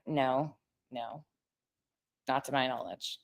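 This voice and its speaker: A woman's voice: sits low, normal speed. A woman hosting a casual livestream, talking bluntly with plenty of swearing. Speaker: streamer host.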